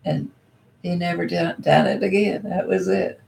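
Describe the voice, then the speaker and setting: A woman's voice: fairly low pitch, steady tone, moderate pace, gravelly, a little mellow, poor audio. An older woman with a Kentucky accent, the host's mother, telling family stories in a plain-spoken way with laughter. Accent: Southern US, Kentucky. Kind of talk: casual family chat, storytelling.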